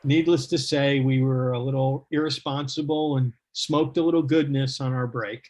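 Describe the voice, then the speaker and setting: A middle-aged man telling a casual anecdote, animated and laughing as he acts out what people said. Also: medium pitch, moderate pace. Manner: animated, laughing storyteller who acts out quotes. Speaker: guest storyteller.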